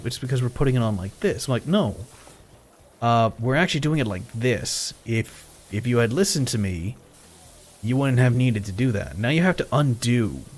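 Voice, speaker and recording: Lively, animated man telling a story. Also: medium pitch. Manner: animated retelling with quoted dialogue, swearing, chuckles. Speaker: live streamer. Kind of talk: casual storytelling while gaming.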